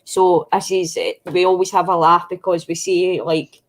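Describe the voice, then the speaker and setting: Low-voiced Scottish woman chatting. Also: fairly even intonation, normal speed, poor audio. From Scotland. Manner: chatty, rambling, self-deprecating. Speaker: craft stream host. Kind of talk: casual chat while crafting. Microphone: video call setup.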